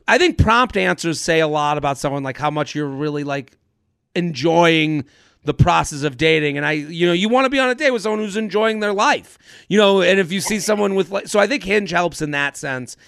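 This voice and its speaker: A man's voice: a little high, brisk, creaky, a bit bright, clean tone, no echo, clean studio sound. A young man hosting a casual podcast, rambling through an anecdote with frequent restarts. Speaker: podcast host.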